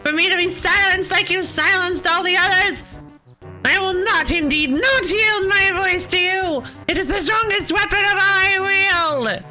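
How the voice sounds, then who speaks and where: A woman puts on a raised, piercing voice for a paranoid conspiracy ranter in a game, hurling accusations with grand, theatrical bombast. The tone is bright and sharp, the delivery drawn out and declaiming, and faint music plays underneath. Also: very high-pitched, a little slow, voice pushed up, heavily acted, low-quality recording. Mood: ranting. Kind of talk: voicing game characters on stream.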